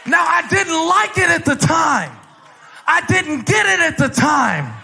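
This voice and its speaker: A man preaching a fiery sermon in a large church, shouting in repeated refrains. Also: very high-pitched, very animated, unhurried, vocal fry, a faint crowd, a little hiss or hum. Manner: shouting, rising intensity, repetitive refrains. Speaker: pastor.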